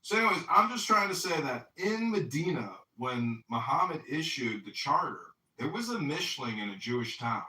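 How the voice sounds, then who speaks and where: A man's voice: a little high, very animated, moderate pace, hardly any pauses, pushed and bright. A man hosting a casual online talk, rambling through a long anecdote with plenty of swearing. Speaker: podcast host. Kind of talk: casual storytelling chat. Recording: echoey audio from far off the mic.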